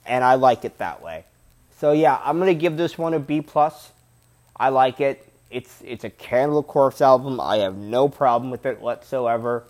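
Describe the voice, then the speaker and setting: A man's voice: medium pitch, normal speed, a little mellow. A young man reviewing a metal album in a casual vlog, rambling and repeating himself with loose slang. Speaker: music reviewer.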